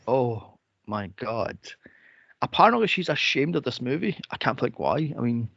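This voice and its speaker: A man co-hosting a film podcast, sarcastic and profane, mocking characters with shrill impressions. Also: big pitch swings, normal speed, vocal fry, a bit bright, no echo. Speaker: podcast co-host reviewing a film. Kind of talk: casual chat. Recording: dull lo-fi dry podcast audio.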